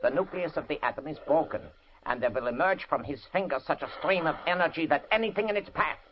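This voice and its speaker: An actor playing an arrogant, stubborn Nazi scientist villain in a 1940s radio drama. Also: male voice, fairly high pitch, fast talker, a little hiss or hum, lightly acted. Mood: grandiose. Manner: stubborn, haughty. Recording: muffled old radio broadcast.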